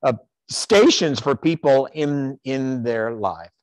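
A man preaching a sermon from Iowa, telling folksy stories in an animated way and often repeating his words. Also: medium pitch, takes it slowly, no room sound. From Iowa, USA. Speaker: pastor. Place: church sanctuary.

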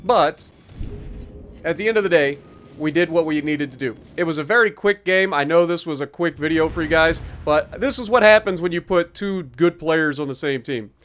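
Speaking at a moderate pace, this gaming YouTuber has a voice on the high side with a bit of brightness. Worn out and yawning, he offers casual, self-mocking commentary, explaining each move and joking about slip-ups.

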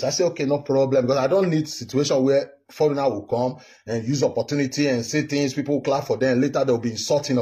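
This Edo State man from Nigeria, in his fifties, vlogs political commentary in a heated, indignant address to camera, circling back over the same points. His voice sits on the high side and has a mellow quality.

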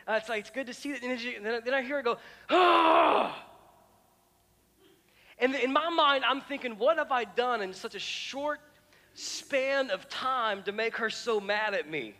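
A man's voice: high voice, bright, forceful tone. A middle-aged man preaching a sermon as pastor, telling stories in a chatty way with many restarts and repeated words. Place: church auditorium. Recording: church hall reverb with music.

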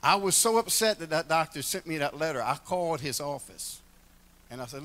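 Folksy older man, fairly high voice. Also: lively intonation, a little fast, pushed and bright. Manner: folksy, storytelling with humor. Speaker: church member speaking at a retirement celebration. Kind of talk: heartfelt church address. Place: church.

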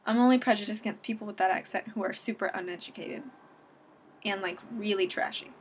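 A woman's voice: mid-range voice, a little fast, husky. A young woman from Southern California ranting at home into a webcam, sarcastic and self-deprecating. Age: young adult. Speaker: vlogger. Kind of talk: casual webcam rant.

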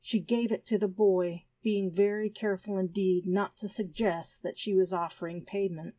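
A woman narrating a classic adventure story in an even, measured reading voice on a close mic. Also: mid-range voice, no echo. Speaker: audiobook narrator.

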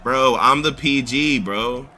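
A man's voice: medium pitch, slow pace, bright, forceful tone, soft background music. A man hosting a scripted gaming comedy, bossing and berating his teammate over game chat through a headset. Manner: bossy, berating, repeats insults. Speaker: gaming video host.

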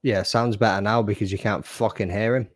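A man's voice: fairly low pitch, steady tone, a little fast, no room sound, clean studio sound. A man hosting a podcast, chatting casually with sweary, teasing banter. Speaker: podcast host. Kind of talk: casual watch-along chat.

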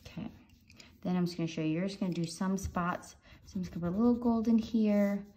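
A woman guiding viewers step by step through coloring a drawing, in a gentle instructing manner. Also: medium pitch, quick pace. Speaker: art teacher. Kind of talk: drawing tutorial narration.

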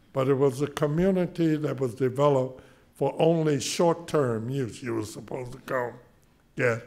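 Slow, halting older man. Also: medium pitch, a little mellow. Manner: slow, halting, with repeated words and pauses. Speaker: panelist. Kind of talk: panel discussion. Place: public library meeting room.

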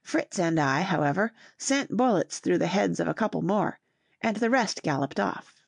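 A woman narrates a classic novel as an audiobook, reading at a steady, even pace. Her voice has a gravelly edge. The sound is close and dry. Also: lowish voice, moderate pace, no room sound.

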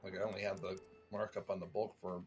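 A man's voice: sits low, flat delivery, fast, soft background music. A man playing a strategy game in co-op, chatting casually and laughing often. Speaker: co-op gamer. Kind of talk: casual gameplay chat.

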